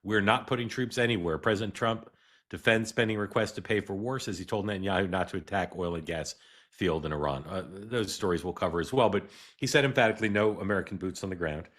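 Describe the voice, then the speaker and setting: A middle-aged man hosting a live political news show, talking in a halting way with many "uh"s and restarts. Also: sits low, fairly bright tone. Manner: halting, filler-heavy delivery with frequent "uh" and restarts. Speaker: host.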